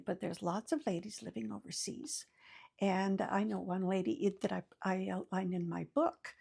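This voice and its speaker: A woman's voice: on the high side, gravelly, dark tone, breathy edge. An older woman, host of her own channel, giving casual, folksy advice to camera with many fillers and restarts.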